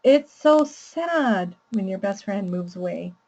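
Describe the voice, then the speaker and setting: A woman voicing a calm, understanding parent who gently names a child's feelings. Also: mid-range voice, slow, highs cut off. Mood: gentle. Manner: gentle, validating.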